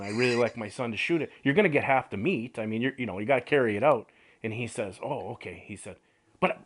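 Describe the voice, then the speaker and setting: A middle-aged man telling a hunting story in a casual chat, acting out quotes and laughing often. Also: mid-range voice. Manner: animated, laughing storyteller who acts out quotes. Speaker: radio show host, hunting guide.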